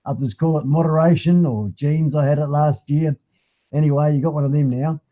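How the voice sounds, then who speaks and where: High-voiced Australian man hosting a live stream. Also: steady tone, a little fast, warm tone. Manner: matey and chatty, greeting viewers by name. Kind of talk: casual live-stream chat. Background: faint music.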